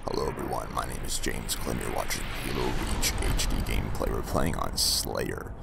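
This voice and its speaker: A man talking over gameplay in a slow, deep, gravelly character voice he practices for voice acting. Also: very noisy, heavily acted. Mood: low, calm. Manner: slow, low, murmured delivery. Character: deep low-voiced male character, menacing. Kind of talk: game commentary in a practice character voice.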